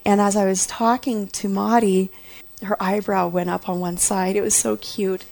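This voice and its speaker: Woman, mid-pitched and gravelly, personal testimony, earnest and hushed at times. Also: little pitch movement, normal speed. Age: adult mother. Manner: earnest, often drops to a hushed whisper. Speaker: storyteller recounting a personal experience.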